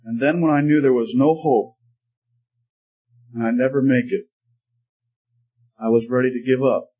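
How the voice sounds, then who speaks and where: Husky, earnest, talking teacup voiced by a man, parable storytelling, muffled sound. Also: mid-range voice, steady tone, normal speed, close to an everyday voice. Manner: earnest storytelling, pleading at times. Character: talking teacup, once clay, tested and changed. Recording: slightly muffled recording.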